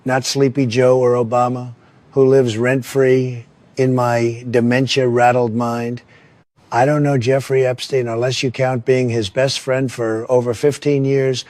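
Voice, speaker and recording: Man playing a bragging older president for a spoof ad: flat, deadpan, dry close sound. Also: medium pitch, dry recording, lightly acted. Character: boastful older male president, crude and self-incriminating. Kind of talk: spoof political ad.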